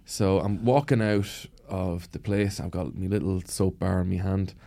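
A man's voice: low-pitched, fairly even intonation, normal speed, vocal fry, mellow. A man with a Cavan Irish accent, a guest on a casual podcast, telling stories and acting out the other people's lines, with plenty of swearing. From Ireland. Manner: swearing storyteller who acts out voices. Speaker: guest comedian.

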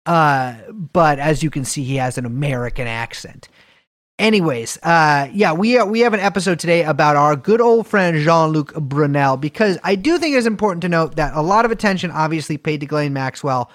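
A man's voice: a little high, expressive, fairly quick, a bit bright. A man co-hosting a podcast in casual chat, joking and rambling, often correcting himself mid-sentence. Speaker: podcast co-host. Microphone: video call from a basement.

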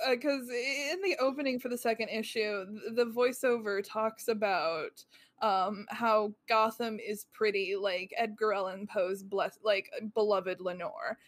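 A woman's voice: medium pitch, measured pace. A woman casually chatting as a podcast co-host, wryly reading out her own notes. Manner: reads out her own notes, wry and amused. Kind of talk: casual chat.

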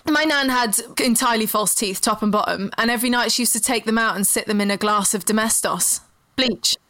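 A woman's voice: a little high, fairly quick, pushed and bright, dry recording. Frank woman, dry close mic. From Britain. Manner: frank, earthy, vivid storyteller. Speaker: guest, writer. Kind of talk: candid personal storytelling.

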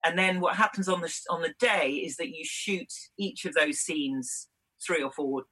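A woman from Britain talks through her acting work in a relaxed interview, her voice bright and a little husky. She thinks aloud, laughs lightly and restarts her sentences as she goes. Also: deep voice, normal speed, low-quality recording. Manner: thoughtful, chatty, laughs often, many restarts. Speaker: actress guest. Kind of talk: conversational interview answers.

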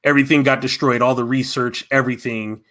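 A man's voice: medium pitch, steady tone, fast talker, a bit bright. A man co-hosting a casual fan chat, talking enthusiastically and rambling with many restarts.

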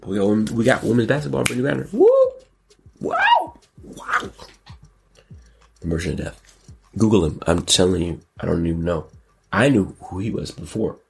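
A man hosting a casual commentary show, excitable and jokey, breaking into sudden squeals and exclamations. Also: low voice, fast talker, gravelly, a little hiss or hum. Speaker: podcast host.

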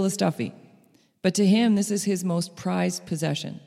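A middle-aged woman telling a personal story to listeners, animated, laughing lightly between phrases. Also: on the low side, measured pace, creaky. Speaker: speaker. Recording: long hall reverb.

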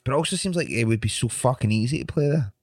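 A man's voice: medium pitch, lively intonation, very fast, darkish tone, dry recording, studio quality. A man with a Scottish accent, co-hosting a podcast in casual, joking banter and swearing freely. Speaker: podcast co-host, band member. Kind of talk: casual chat.

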